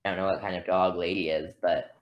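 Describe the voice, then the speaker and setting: Very low-voiced rambling woman podcaster. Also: fairly even intonation, fast talker, dull audio. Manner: chatty, rambling, self-deprecating. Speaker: podcast co-host. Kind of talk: casual chat.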